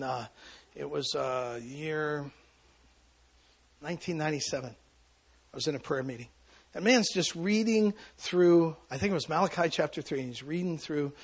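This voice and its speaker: A man preaching a sermon as pastor, telling a personal story with sudden loud bursts and quiet asides. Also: on the high side, slightly rough.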